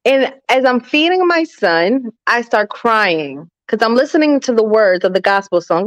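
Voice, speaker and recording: A woman's voice: fairly high pitch, big pitch swings, moderate pace, hardly any pauses, dry recording, dull audio. A woman in her thirties from New Jersey, a former radio host, talking earnestly as an interview guest. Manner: earnest, laughs often. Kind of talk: casual interview chat.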